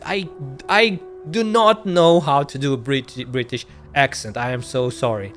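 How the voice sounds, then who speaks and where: A man streaming a game, reading each line of dialogue out loud. His voice sits at an ordinary middle pitch, and he sometimes stumbles and goes back to correct a word. Soft game music plays faintly behind him. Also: expressive, measured pace. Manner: reads lines aloud, stumbles and corrects himself.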